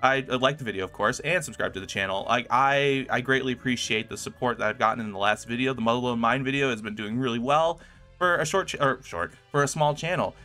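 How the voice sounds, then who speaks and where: A man with a bright, clear voice hosts his own gaming video, talking through the results in a relaxed, chatty way. He sounds upbeat and enthusiastic, with soft music playing behind him. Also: medium pitch, quick pace. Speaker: gaming YouTuber. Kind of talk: casual gameplay commentary.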